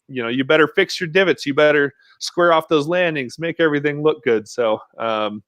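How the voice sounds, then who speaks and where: Guesting on a podcast, a mountain biker chats casually in an interview, spinning laid-back stories peppered with fillers. He speaks at a moderate pace in a fairly high, fairly bright voice, with echo-free studio-quality sound.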